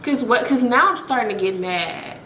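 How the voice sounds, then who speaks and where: A woman's voice: fairly high pitch, expressive, normal speed, sharp tone, roomy sound, slight background noise, poor audio. A young woman vlogger telling a dramatic personal story straight to her viewers, blunt and profane.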